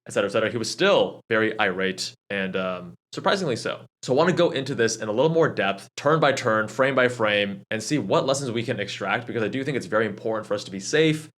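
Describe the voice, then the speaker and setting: A man narrating track-day footage, calmly breaking down his driving and drawing lessons step by step. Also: fairly low pitch, fast, few pauses. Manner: calm, analytical, explains driving lessons step by step. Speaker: channel host and track driver. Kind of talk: track-day video commentary. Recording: car engine noise behind the voice.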